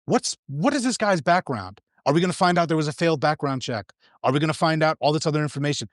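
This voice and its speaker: A man with a fairly high voice is talking as a guest in a casual political chat. He is heated and slangy, and he keeps restarting his sentences. The sound is dry and close, with no room at all. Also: expressive, quick pace, dry recording.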